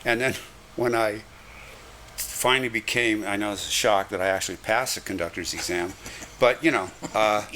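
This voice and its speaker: An older man recounts his years on the railroad with lively, chuckling asides. His voice is bright and forceful, sitting a little low. The storytelling is loose and conversational. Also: normal speed, slight background noise. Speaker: retired railroad conductor. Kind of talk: reminiscing storytelling.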